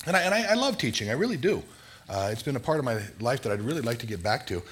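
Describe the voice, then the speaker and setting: A man's voice: medium pitch, big pitch swings, fast. An older man leading a prayer and opening a church sermon in an earnest, conversational way. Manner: earnest, conversational, self-deprecating. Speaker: lay preacher. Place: church sanctuary.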